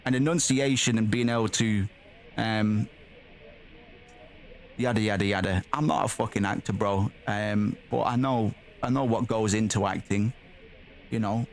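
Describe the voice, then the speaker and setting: A man's voice: fairly low pitch, fairly even intonation, measured pace, pauses often, soft background music. A man streaming a game, reading its text aloud and chatting bluntly, swearing freely and calling the audience "man" and "bro".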